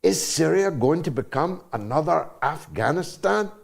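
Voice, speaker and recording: An older man with a Scottish accent hosting a political talk show, speaking with deep emotion. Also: lively intonation, moderate pace, creaky. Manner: impassioned, emotional. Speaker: host.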